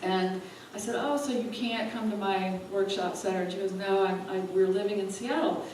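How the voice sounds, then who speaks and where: A woman speaker telling an animated story to a live audience and laughing often as she goes. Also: mid-range voice, moderate pace. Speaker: spiritual teacher and speaker. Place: event hall. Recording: echoey hall, from far off, faint room noise.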